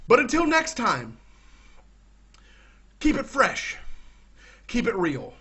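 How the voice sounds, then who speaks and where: A man with a Southern US accent, giving excitable let's-play commentary and talking both to himself and to his viewers. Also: extremely high pitch, slow, long pauses, slightly rough. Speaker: gaming YouTuber.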